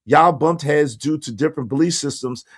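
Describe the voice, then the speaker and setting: A hoarse man, hosting a casual livestream and shouting out his viewers by name. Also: on the high side, moderate pace. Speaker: livestream host reading chat.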